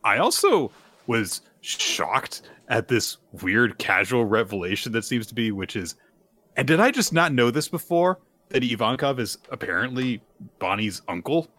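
A man co-hosting a podcast in casual chat, talking about a manga chapter in a relaxed, conversational way. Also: medium pitch, moderate pace, dry recording. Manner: relaxed and conversational, with laughs and swearing. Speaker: podcast co-host.

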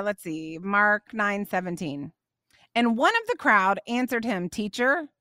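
A woman's voice: mid-range voice, a bit bright, no echo, clean studio sound. A middle-aged woman hosting a faith podcast, answering questions and reading scripture in an emphatic, passionate way. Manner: emphatic and passionate, getting on a soapbox. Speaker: podcast host.

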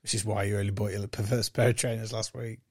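A man's voice: lowish voice, level tone, fast, breathy edge, no echo, clean studio sound. A man co-hosting a casual football podcast, blunt and sweary in his banter. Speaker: podcast co-host.

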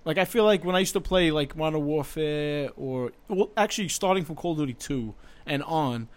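A man's voice: fairly high pitch, normal speed. A young man in casual chat, easygoing and swearing now and then.

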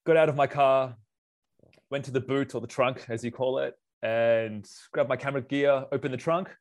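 A man's voice: medium pitch, moderate pace. A man, a wedding photographer telling stories in a casual interview, acting out the people he quotes. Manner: animated, acts out quotes in raised voice. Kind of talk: casual storytelling.

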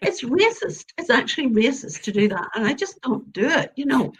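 An Irish woman, a storyteller guest in an interview, speaks at normal speed in a high, husky, sing-song voice. She's earnest and emphatic, repeating her points.

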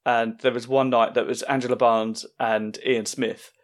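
Relaxed podcast host. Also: male voice, medium pitch, normal speed. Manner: relaxed, hesitant with many fillers. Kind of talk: casual chat.

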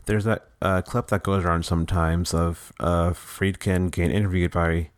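Deep-voiced male podcast host. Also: flat delivery, moderate pace, dry recording, clean studio sound. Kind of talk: casual chat.

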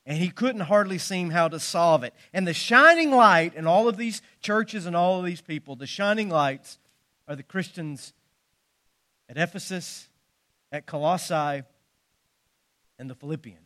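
A man preaching a sermon, telling folksy jokes and stories with animated emphasis. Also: high voice, a little slow. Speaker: pastor.

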